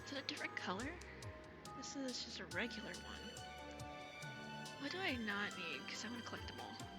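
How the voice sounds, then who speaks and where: Sick girl streaming games, high bright voice, gushy and excitable, bouncy pitch. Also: fairly quick, over loud music. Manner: excitable and gushing, thanks viewers effusively. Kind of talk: casual live gaming stream chat.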